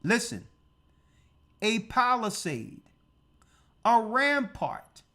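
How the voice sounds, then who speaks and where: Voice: mid-range voice, big pitch swings, takes it slowly, fairly bright tone. A church elder preaching on prophecy, emphatic and full of rhetorical questions. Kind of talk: prophecy teaching sermon.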